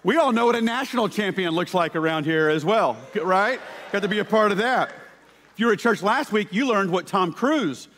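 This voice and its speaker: A man preaching a sermon, telling stories with lively shouted quotes. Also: high-pitched, fairly quick, slight background noise. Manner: animated storytelling with shouted quotes. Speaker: pastor. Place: church sanctuary. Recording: church hall reverb.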